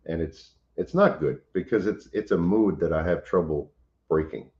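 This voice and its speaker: A very deep-voiced man chats casually on a home livestream, pausing and restarting as he greets viewers. The sound is roomy and slightly dull. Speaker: homestead channel host.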